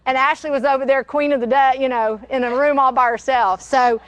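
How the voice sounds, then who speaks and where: A woman's voice: sits high, steady tone, a little fast, no room sound. An older woman, hosting a casual cooking demonstration and chatting in a rambling, storytelling way. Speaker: cooking show host. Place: kitchen studio.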